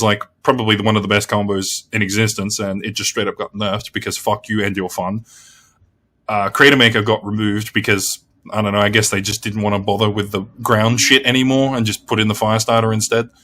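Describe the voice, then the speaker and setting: A man's voice: fairly low pitch, bright, forceful tone. Sweary Australian man ranting about a game. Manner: heavy swearing, blunt and exasperated; rambling with frequent restarts. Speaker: gaming video creator. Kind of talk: casual game review rant.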